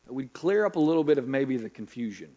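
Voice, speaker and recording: A man's voice: mid-range voice, animated, quick pace, warm tone, highs cut off. A middle-aged male pastor preaching a sermon in a chatty way, asking the congregation rhetorical questions. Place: church hall.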